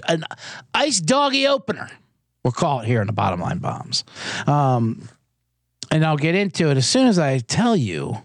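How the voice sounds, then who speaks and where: A man's voice: on the high side, no echo, studio quality. A man hosting a sports betting podcast in a casual, jokey, rambling way, often interrupting himself. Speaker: podcast host.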